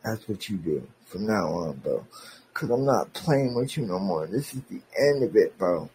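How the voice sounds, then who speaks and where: A man's voice: fairly low pitch, big pitch swings, normal speed, darkish tone, slight background noise, poor audio. A man hosting a podcast, delivering an angry, profane, sarcastic rant aimed at a former friend.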